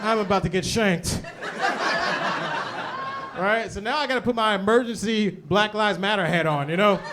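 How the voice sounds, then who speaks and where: A man performing an animated stand-up comedy set on a club stage, often tagging jokes with "right?". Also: sits high, normal speed. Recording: noisy live club recording. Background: audience laughter.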